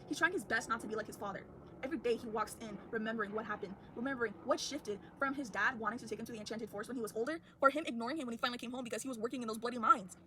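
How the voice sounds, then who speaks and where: A woman's voice: on the high side, noisy background. A young adult woman and college student ranting casually and indignantly about a cartoon character. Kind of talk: casual rant vlog.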